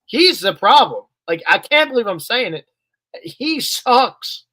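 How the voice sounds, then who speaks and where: Male podcast co-host, blunt frustrated venting, slightly high, dry close mic. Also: big pitch swings, normal speed, pushed and bright, no echo. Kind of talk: sports podcast chat.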